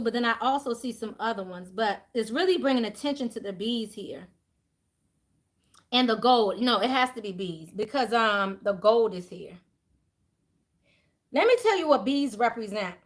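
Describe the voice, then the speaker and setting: A woman giving a spiritual tarot reading to her viewers, talking straight to them in an animated, preachy way with frequent exclamations. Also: on the high side, moderate pace. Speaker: tarot reader.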